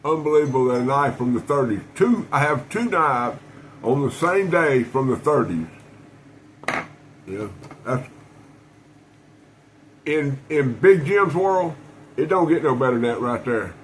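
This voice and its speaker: A man's voice: mid-range voice, expressive, a little slow, pauses often, a little hiss or hum, low-quality recording. Folksy rambling man. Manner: folksy, rambling storyteller with many restarts and fillers. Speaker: knife collector vlogger. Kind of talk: casual rambling talk to camera.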